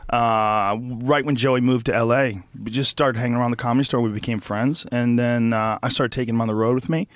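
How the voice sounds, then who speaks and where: A man hosting a podcast, talking in relaxed casual conversation. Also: medium pitch, fairly quick, dry recording. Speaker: podcast host. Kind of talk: casual chat.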